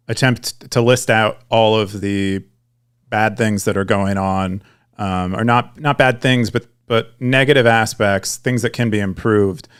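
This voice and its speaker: A man's voice: fairly low pitch, smooth. A young man co-hosting a podcast, talking casually with frequent fillers and restarts. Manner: rambling, many restarts and fillers. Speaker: podcast co-host. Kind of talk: casual chat.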